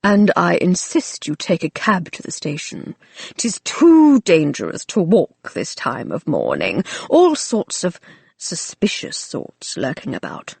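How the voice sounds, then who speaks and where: A woman voicing a gruff older male family servant who is stern but fond, speaking in a clipped, dry way. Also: fairly low pitch, huge pitch swings, measured pace, darkish tone, no room sound, exaggerated voice. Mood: firm.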